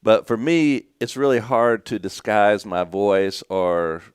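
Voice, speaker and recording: Deep, smooth-voiced Texan pastor. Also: male voice, animated, slow pace, no echo, studio quality. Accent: East Texas. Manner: earnest, folksy, repeats words. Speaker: pastor guest. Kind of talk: casual radio chat.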